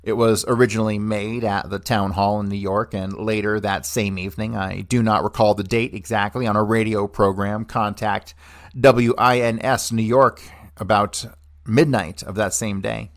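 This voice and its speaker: A man reading a hearing transcript aloud on a podcast, taking both the questions and the answers in one steady voice. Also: on the low side, moderate pace. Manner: steady reading voice that plays both questioner and witness without changing voice.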